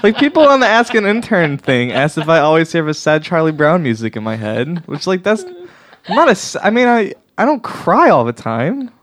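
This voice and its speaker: A man's voice: on the high side, sing-song, normal speed, a bit bright. A young man co-hosting a comedy podcast, rambling and self-deprecating with frequent laughs, on a studio mic with a pop filter. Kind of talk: casual comedic banter.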